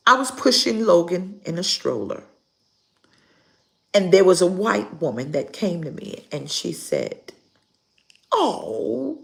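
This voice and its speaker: An older woman pastor preaching a live sermon, pausing dramatically and acting out her stories. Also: lowish voice, vocal fry. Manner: slow, preaching with dramatic pauses and acted-out stories.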